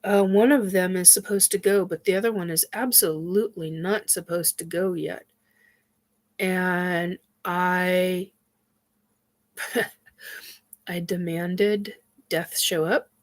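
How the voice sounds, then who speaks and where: A woman hosting a casual spiritual chat, talking in a halting way with many fillers and sighs, her nose stuffed up from crying. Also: fairly low pitch, steady tone. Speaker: host.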